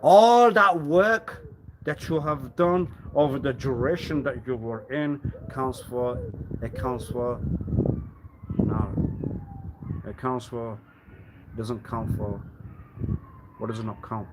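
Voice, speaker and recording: A man's voice: mid-range voice, slow, pauses often, background noise. A man in a rambling live-stream monologue, lecturing with repeated rhetorical questions, laughing often and repeating himself. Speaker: livestreamer.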